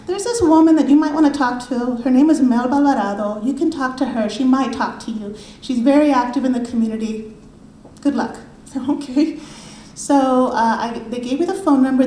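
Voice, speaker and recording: A woman's voice: high-pitched, reverberant, a little hiss or hum, low-quality recording. A middle-aged woman presenting her book to an audience in a university library, telling stories and acting out the people she quotes. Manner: storytelling, animated, acts out quoted voices. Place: university library event room.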